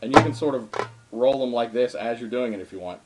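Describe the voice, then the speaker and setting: Relaxed young man teaching drum rolls. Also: mid-range voice, a little fast, loud music behind the voice. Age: young adult. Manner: relaxed and informal, with many ums and uhs. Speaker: darbuka teacher. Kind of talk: casual spoken drum lesson. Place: home room with drum. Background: darbuka drumming between phrases.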